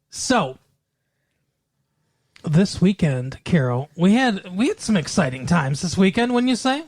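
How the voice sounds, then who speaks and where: A woman co-hosting a podcast in casual comedic chat, teasing and deadpan, often halting mid-sentence. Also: lowish voice, dry recording, studio quality. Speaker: podcast co-host.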